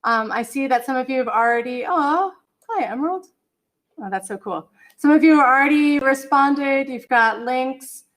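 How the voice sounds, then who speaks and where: A middle-aged woman with a high voice speaks at normal speed while teaching a college English class online. Using a computer mic on a video call, she's chatty and apologetic and hums to herself as she looks for files.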